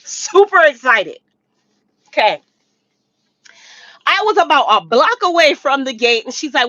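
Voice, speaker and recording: Bright-voiced chatty woman vlogger. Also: fairly high pitch, expressive, a little fast, no room sound, muffled recording. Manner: chatty, addresses viewers directly, emphatic repeats. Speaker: storytime vlogger. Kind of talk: casual storytelling to camera.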